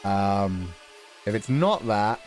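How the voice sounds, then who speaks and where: Lively British man chatting casually. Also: fairly low pitch, takes it slowly, faint music behind. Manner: relaxed, chatty, laughs often, swears casually. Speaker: streamer host. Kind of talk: casual chat, reading viewer donations.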